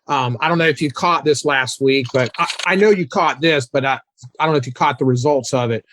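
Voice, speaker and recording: A man in his sixties, a guest on a political talk show, animated and mocking as he talks. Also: brisk, slight background noise. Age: 60s. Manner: animated, mocking, mimics opponents in high voices.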